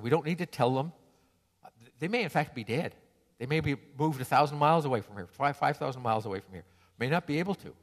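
A male preacher giving a sermon in a conversational, storytelling way, with frequent restarts. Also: medium pitch. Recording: reverberant hall.

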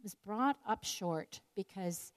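A woman's voice: medium pitch, lively intonation, takes it slowly. Older woman telling a reflective story. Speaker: speaker sharing a personal story. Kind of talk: personal devotional talk.

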